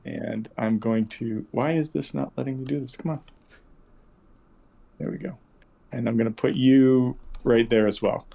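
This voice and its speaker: A man's voice: mid-range voice, unhurried, gravelly, long pauses, mellow. Rambling man running a tabletop game. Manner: rambling, self-correcting narration with many fillers. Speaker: game master.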